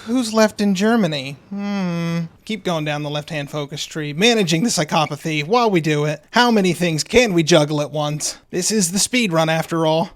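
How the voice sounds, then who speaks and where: Man, gaming youtuber, strategy game commentary, wry and sarcastic, fairly high voice. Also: normal speed, few pauses.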